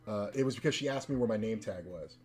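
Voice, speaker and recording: A man's voice: on the low side, fast talker, a little mellow. A man streaming a game and chatting casually, telling a rambling, profane story between side comments on play. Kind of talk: casual storytelling while gaming.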